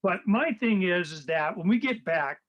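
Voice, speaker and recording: A man's voice: sits high, normal speed, lo-fi sound. An older man hosting a radio talk show, rambling in casual political chat and acting out what others said. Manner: rambling, animated, acts out quoted people in a raised voice.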